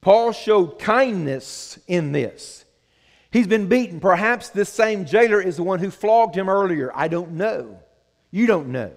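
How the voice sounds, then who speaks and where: Man, pastor, earnest conversational sermon, high-pitched, reverberant hall. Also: expressive, unhurried. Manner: earnest, conversational preaching with acted quotes.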